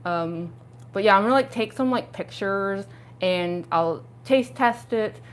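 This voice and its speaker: A young woman chatting casually on a livestream, giggling often and full of fillers, her voice jumping up when she gets excited, while she speaks around costume fake teeth. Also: unhurried. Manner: excitable, pitch jumping up on exclamations.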